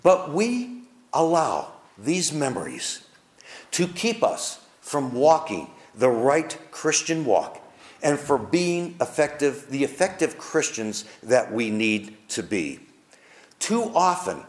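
Older male pastor, heartfelt storyteller, lively rising and falling pitch, roomy echo. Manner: heartfelt, emphatic, repeats phrases. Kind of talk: storytelling sermon.

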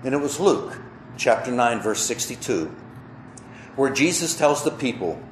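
Middle-aged male preacher, emotional slow testimony, roomy echo with faint noise. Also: medium pitch, big pitch swings. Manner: slow, emotional storytelling with pauses. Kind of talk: testimony sermon.

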